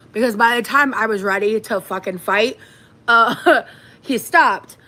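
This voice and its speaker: A woman vlogger telling a story casually, animated, swearing and acting out what people said. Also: mid-range voice, moderate pace, low-quality recording. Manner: animated, swearing, acts out quotes.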